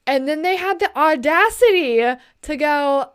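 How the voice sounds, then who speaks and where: A young woman talks through a late-night vlog in a chatty, indignant, slang-filled way. Her voice sits a little high and sounds smooth and clear. She keeps her volume down as she talks. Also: expressive, unhurried. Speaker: vlogger. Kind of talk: casual late-night chat.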